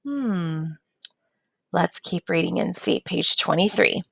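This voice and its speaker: A woman teaching a reading lesson, pausing to ask the class encouraging questions. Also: lowish voice, animated, creaky, bright, forceful tone, breathy edge, no echo.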